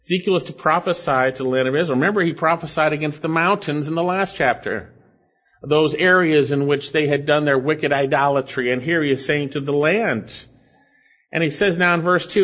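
A man's voice: fairly high pitch, normal speed, a bit bright, highs cut off. A man preaching an expository Bible sermon as a pastor, emphatic and repeating key phrases for stress.

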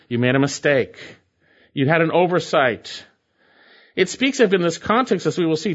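A male pastor preaching a verse-by-verse sermon, hammering each point by saying it again in other words. His voice sits high and swings widely in pitch. The recording sounds dull and lo-fi. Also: a bit bright. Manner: emphatic, repeats key phrases. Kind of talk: expository sermon.

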